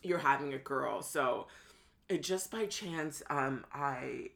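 A woman's voice: very deep voice, slow pace, creaky, a bit bright. A woman guest on a podcast, chatting about her life and acting out the voices of the people she quotes. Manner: chatty, acts out quoted dialogue, many fillers. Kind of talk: casual personal storytelling.

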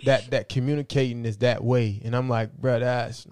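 A man in casual conversation, telling animated, slangy stories and acting out his relatives' voices. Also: mid-range voice, normal speed, no echo, clean studio sound.

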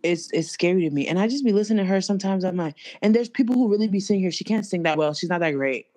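A young woman co-hosting a casual chat, talking in an animated, slangy and blunt way. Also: on the low side, racing. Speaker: co-host.

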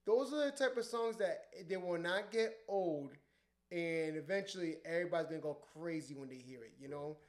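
A young man who works as a DJ, telling profane, animated stories in casual podcast chat. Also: on the high side, moderate pace. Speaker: DJ and podcast co-host. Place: podcast studio.

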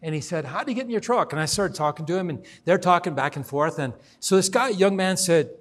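A man's voice: high-pitched, fast talker. A middle-aged man preaching as a guest speaker, telling a personal story and acting out the dialogue. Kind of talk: sermon storytelling.

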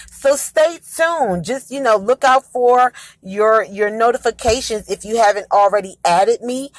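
A chatty woman hosts her own casual podcast, upbeat and rambling, stumbling over her words and correcting herself as she goes. Her voice sits at a middle pitch and sounds dry and close, with no room around it. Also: a bit bright, no room sound. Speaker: podcast host. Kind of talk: casual solo podcast chat.

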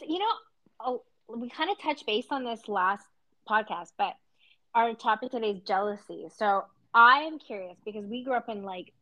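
Canadian woman in her 30s chatting on a podcast, lots of likes, mid pitch. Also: fairly bright tone, low-quality recording. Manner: chatty, many fillers. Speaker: podcast co-host. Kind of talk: casual chat.

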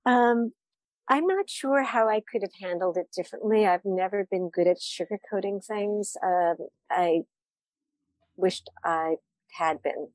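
A woman's voice: medium pitch, measured pace, a little mellow, no echo. A woman wine writer answering interview questions, candid and reflective, often laughing at herself.

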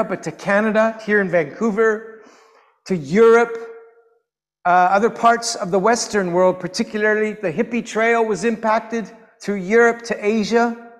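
A pastor delivers a sermon in an animated storytelling way, punching key words with sudden emphasis. His voice sits high for a man. The sound carries a long reverb from a church hall.

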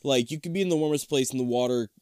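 A man chatting casually as a co-player, animated and quick to question things, swearing often. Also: medium pitch, clear, resonant tone, no room sound, clean studio sound. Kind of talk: casual chat.

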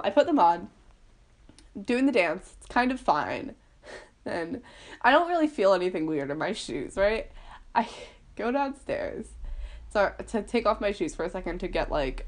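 A young woman in her teens casually telling a story to her camera, chatty and giggly, with a lot of "like" and "um". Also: medium pitch. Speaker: vlogger. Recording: poorly recorded at home.

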